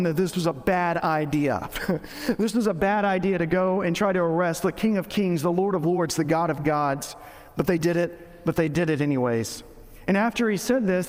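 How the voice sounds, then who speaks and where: A man's voice: sits high, a little mellow, in a large hall. A man preaching a sermon in a casual, joking way, often restarting his sentences. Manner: conversational, joking, with frequent restarts. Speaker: pastor.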